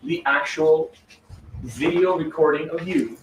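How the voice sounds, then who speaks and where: A man cross-examining a witness in court, pressing with quick questions and demanding yes-or-no answers. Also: a little high. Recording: echoey, distant, noisy courtroom audio.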